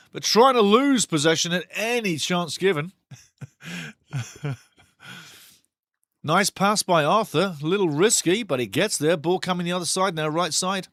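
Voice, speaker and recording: A man hosting a live football watch-along, commenting on play with excitable, sweary banter aimed at his chat. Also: on the high side, no echo, studio quality.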